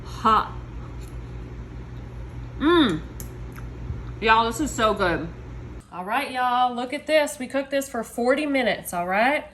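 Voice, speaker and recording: A woman, showing desserts in her home kitchen in a chatty, excitable way, talking to viewers. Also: fairly high pitch, unhurried, slight background noise. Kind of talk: casual cooking video. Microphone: phone.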